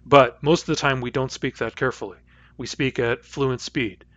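With a fairly even, slightly bright medium-pitched voice at a moderate pace, this male West Coast lecturer walks through linguistic sounds, pronouncing them as examples. The lecture recording is dull and dry.

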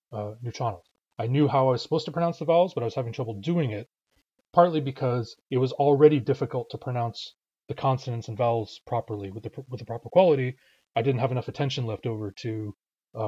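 Mellow-voiced man teaching pronunciation rhythm. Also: mid-range voice, husky, highs cut off. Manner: patient, methodical, demonstrates rhythms aloud. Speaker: language teacher. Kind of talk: spoken language lesson.

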